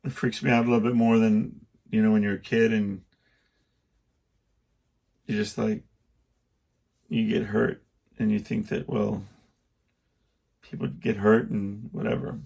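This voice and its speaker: This middle-aged podcast host speaks a little slowly with long pauses, his fairly low voice gravelly, slightly rough, a little mellow and flat in delivery. In a casual monologue, he rambles through a personal story, interrupting himself and acting out quotes.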